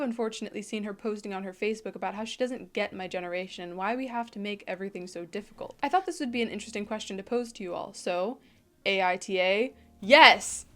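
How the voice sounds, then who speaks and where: A woman in her twenties hosting a casual reaction video, reading an online post aloud and reacting with animated, slangy emphasis. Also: medium pitch. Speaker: YouTube host.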